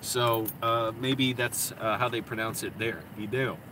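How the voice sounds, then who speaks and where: A man's voice: medium pitch, fairly even intonation. Profane ranting man over air conditioning hum. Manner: profane, rambling, quick to vent. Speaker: vlogger. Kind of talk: rambling casual monologue. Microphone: phone camera.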